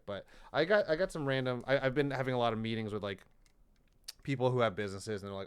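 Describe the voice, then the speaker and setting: A man's voice: on the low side, brisk, clear, resonant tone. A young man co-hosting a podcast in casual chat, loose and profane, acting out conversations as he tells them. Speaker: podcast co-host.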